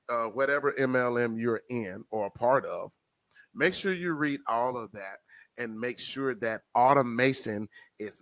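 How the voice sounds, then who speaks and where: A man with a New Jersey accent hosting a casual podcast, addressing listeners as family and swinging between loud and soft. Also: mid-range voice, no room sound. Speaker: podcast host.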